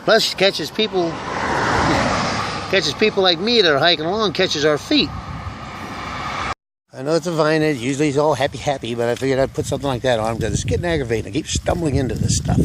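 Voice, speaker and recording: A man of middling pitch rambles and cracks folksy jokes while out on a hike. He talks into a handheld camera outdoors, with faint noise from the open air behind him. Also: brisk. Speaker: hiking vlogger. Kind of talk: casual joke-telling vlog. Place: outdoors in the woods and country roads.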